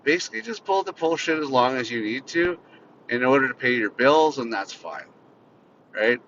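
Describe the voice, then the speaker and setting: A man's voice: lively intonation, normal speed, fairly bright tone. A man hosting a podcast from inside a car, bitterly venting in an unscripted, profane solo rant. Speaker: podcast host. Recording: slightly muffled, faint vehicle rumble.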